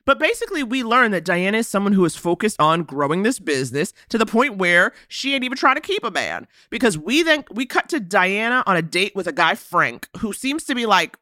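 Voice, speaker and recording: A woman co-hosting a podcast, recapping a movie in a sarcastic, animated way and laughing often. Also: medium pitch, fairly quick, few pauses, no room sound, clean studio sound. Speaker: podcast co-host.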